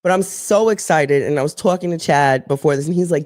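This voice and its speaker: A woman's voice: sits low, a little fast, no echo, clean studio sound. A woman co-hosting a live show, talking in a rambling, candid way and swearing freely. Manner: animated storyteller who acts out voices. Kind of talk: casual live-show chat.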